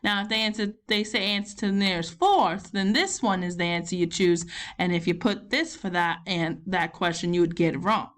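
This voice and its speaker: A woman's voice: lowish voice, normal speed, natural voice. A woman with a Southern US accent, playing a chatty grandmother who fills in as teacher, talking students through a math lesson step by step. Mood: patient. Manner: folksy, encouraging, talks students through each step.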